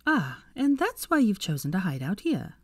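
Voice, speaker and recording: A woman's voice: very animated, a little mellow, no room sound. A woman reading aloud and voicing a clever, prickly young witch in a raised, exasperated tone. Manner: raised pitch, brisk and exasperated.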